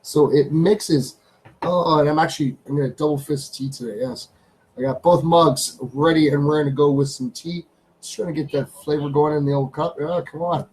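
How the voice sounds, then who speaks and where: A man's voice: fairly high pitch, fairly even intonation, moderate pace, a little mellow, poor audio. A Canadian man hosting a casual live stream from his home studio. He chats loosely, repeats his phrases, and calls out to his pets.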